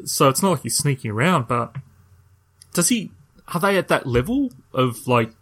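A man chatting on a podcast, animated and incredulous, asking pointed questions. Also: medium pitch, normal speed. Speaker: podcast co-host. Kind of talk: casual chat.

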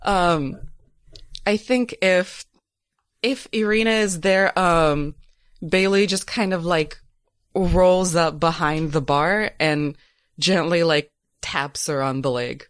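Slow, halting woman player. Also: fairly low pitch, smooth, dry recording, clean studio sound. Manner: halting, many fillers, laughing. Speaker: tabletop game player. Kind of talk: casual game talk.

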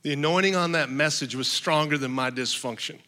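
Preaching fairly quickly in a church hall, this pastor has a slightly high, very bright and piercing voice, and long reverb follows each phrase. His sermon is emphatic and story-driven, laced with humor.

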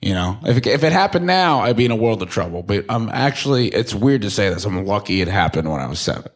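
A young man from Staten Island doing a crude, deadpan stand-up comedy set on a club stage. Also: lowish voice, fast. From Staten Island, New York. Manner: deadpan, crude, shifts into mocking voices for quoted people. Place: comedy club stage before a laughing audience.

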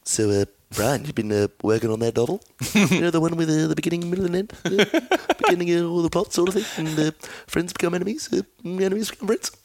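A man's voice: a little high, fast, hardly any pauses, darkish tone, no room sound, voice pushed up, natural voice. An Australian man voicing Stewie, a smug, precocious cartoon baby boy, giggling through the impression. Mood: teasing.

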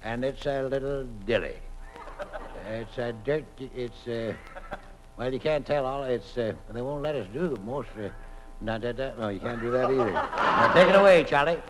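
A man playing a shady, fast-talking dance professor in a 1940s radio comedy, with wisecracking, giggly patter. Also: mid-range voice, background noise, close to an everyday voice.

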